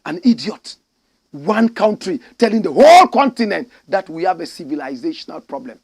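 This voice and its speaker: A man with a Ghanaian English accent giving fiery, indignant commentary as a show host, swinging from shouts to low, pointed lines. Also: sing-song, moderate pace, vocal fry, slightly rough. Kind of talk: impassioned commentary.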